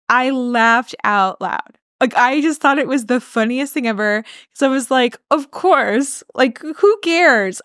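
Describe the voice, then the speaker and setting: A young adult woman co-hosting a podcast, telling a personal story in a casual, animated way, laughing often and acting out what people said. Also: a little high, no room sound, studio quality. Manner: animated, laughing, quotes people in acted voices. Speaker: podcast co-host.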